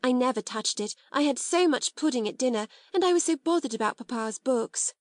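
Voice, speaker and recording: A timid, eager schoolgirl with a high, piping voice, as a woman reads her, chattering in quick, breathless bursts. Her lines lift far above the narration, with a dry, close sound. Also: animated, darkish tone, no echo. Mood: excited. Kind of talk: audiobook character reading.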